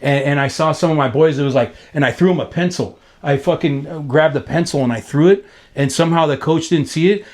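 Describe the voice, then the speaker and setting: A man in his fifties from Los Angeles, telling stories in a casual interview, profane and slangy, rambling with restarts and jumping up in pitch when excited. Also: brisk. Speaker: graffiti writer being interviewed.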